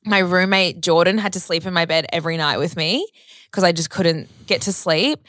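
A woman's voice: fairly low pitch, moderate pace, a bit bright, no echo, studio quality. A woman, telling a long story in casual chat, rambling with lots of "like" and casual swearing.

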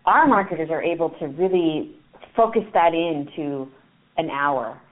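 A woman's voice: low-pitched, expressive, unhurried. A woman guest on a radio interview explaining marketing tools, talking with frequent fillers and restarts. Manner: hesitant, many fillers and restarts, enthusiastic. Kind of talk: interview answers. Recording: phone-like narrow sound.

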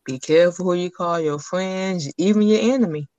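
A woman's voice: on the low side, moderate pace, warm tone, no echo. A woman hosting a podcast in casual chat, reacting with short interjections and offering advice. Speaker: podcast host.

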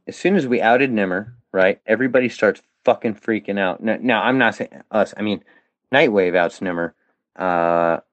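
A man rants in anger, swearing freely and swinging his pitch up and down as he pushes back. The sound is dry and a little dull, like a lo-fi recording. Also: dry recording. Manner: profane, heated and defiant. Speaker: guest. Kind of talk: angry rant.

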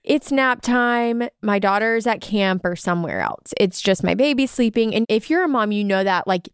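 A young adult woman co-hosting a faith podcast, telling a story in animated chat and acting out the scenes. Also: medium pitch, moderate pace, clear, resonant tone, no echo, studio quality. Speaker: podcast co-host. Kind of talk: casual chat.

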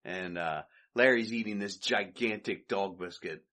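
A man's voice: low voice, measured pace, sharp tone. A man hosting a podcast, casually retelling an old comedy short, chatty and loose, and he chuckles often. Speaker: podcast host.

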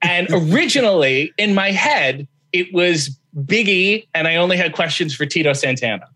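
A man with a high-sitting voice and an ordinary pace is a guest on a podcast. Chatting casually, he relates a story and lively voices each person he quotes.

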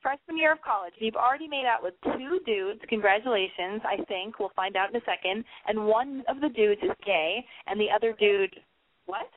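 A woman's voice: a little high, moderate pace, dry recording. A young woman hosting a call-in advice show, talking bluntly with lots of swearing and rambling asides. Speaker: call-in radio advice host. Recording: phone-line quality, dry.

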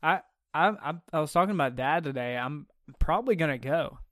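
A man hosting a casual sports podcast, chatty and halting, with many restarts and fillers. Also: on the high side, lively intonation, fairly bright tone, no room sound, clean studio sound. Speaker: podcast host.

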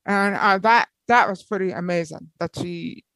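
A woman as an interview guest, telling personal stories in an animated, lively way with frequent laughs. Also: fairly low pitch, normal speed, gravelly, dry recording, low-quality recording. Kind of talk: personal storytelling in conversation.

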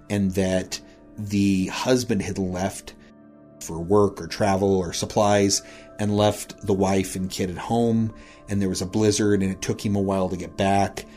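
A man's voice: low-pitched, darkish tone. A man from Wyoming earnestly retelling a secondhand ghost story in a casual podcast chat. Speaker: podcast host and guest storyteller.

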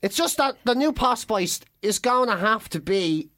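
A man's voice: sits high, expressive, moderate pace, pushed and bright, no echo, clean studio sound. A man in his forties with a Dublin Irish accent, co-hosting a podcast in sweary, self-mocking banter. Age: 40s. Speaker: podcast co-host. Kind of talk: casual chat.

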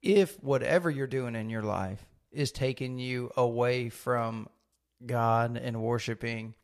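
A middle-aged man in a casual faith podcast chat, talking in a thoughtful, halting, wry way. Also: mid-range voice, fairly even intonation. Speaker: co-host.

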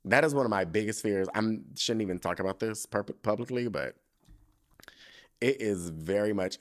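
A man hosting a solo podcast in casual chat, telling stories in slangy, profane speech, breaking into laughter and leaping up high when he quotes himself. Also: normal speed. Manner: animated storytelling, jumping into high excited quoting, frequent laughter. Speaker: podcast host.

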